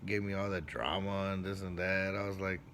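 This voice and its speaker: A man who works as a barber, casually telling a personal story in street slang, with profanity and lively acted-out quotes. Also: a little fast, slight background noise. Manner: animated, acts out quoted lines with big jumps in pitch and loudness.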